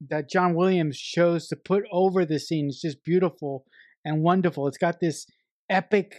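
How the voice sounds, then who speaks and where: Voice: mid-range voice, steady tone, moderate pace, no room sound. A podcast co-host sharing film trivia in a rambling, restart-filled casual chat. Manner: rambling with restarts, shares trivia, shouts quoted lines.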